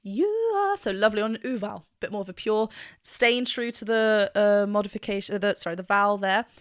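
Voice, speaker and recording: A woman's voice: medium pitch, brisk, clear, resonant tone, no room sound, studio quality. A woman vocal coach giving enthusiastic, explanatory commentary in a reaction video, now and then breaking into short sung demonstrations.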